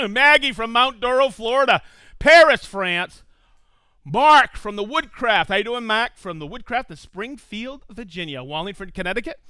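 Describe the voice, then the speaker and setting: A man hosting a live tool demonstration stream in casual chat, excitable and whooping. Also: high voice, clear, resonant tone, dry recording. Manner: excitable, reads out viewer shout-outs with whoops.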